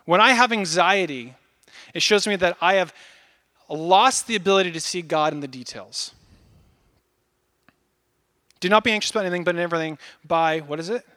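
A man in his thirties preaching a casual, animated sermon, acting out little asides as he goes. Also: high voice, moderate pace, pauses often. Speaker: pastor.

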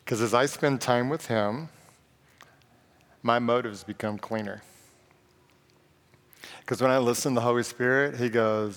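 A pastor preaching a sermon in a conversational, joking way and reading scripture aloud. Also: male voice, medium pitch, fairly even intonation, measured pace, long pauses, fairly bright tone. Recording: long reverb of a large hall.

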